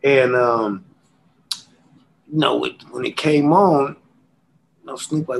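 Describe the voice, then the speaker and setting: A man, a rapper guest, telling stories in a relaxed interview, animated and full of slang. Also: mid-range voice, gravelly, rough recording. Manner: animated, acts out quotes and beatboxes; drawn-out slang-heavy delivery. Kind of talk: casual storytelling interview.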